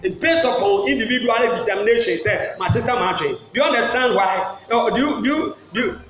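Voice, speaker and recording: A Ghanaian man preaching a sermon as pastor, mixing English and Twi, breaking into shouted bursts. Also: extremely high pitch, animated, quick pace, a little hiss or hum. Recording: echoey hall, muffled sound.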